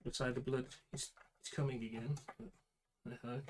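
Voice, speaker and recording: A man's voice: mid-range voice, level tone, normal speed, slight background noise, poor audio. A man with a British accent chatting casually to himself and the camera while building a computer, with muttered asides. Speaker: PC builder vlogger.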